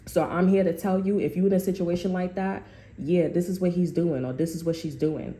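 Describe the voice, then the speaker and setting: A woman's voice: on the low side, fairly even intonation, a little fast, warm tone, reverberant. A young adult woman giving a casual tarot reading, blunt and profane, drifting into personal stories. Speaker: tarot reader.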